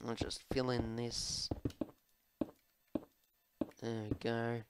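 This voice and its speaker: A man's voice: mid-range voice, completely flat delivery, drawn-out words, heavy background noise. A young man rambling through viewer questions while he plays a game, full of ums, restarts and self-mocking asides, his throat a little sore. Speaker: gaming video host. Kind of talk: casual commentary while playing.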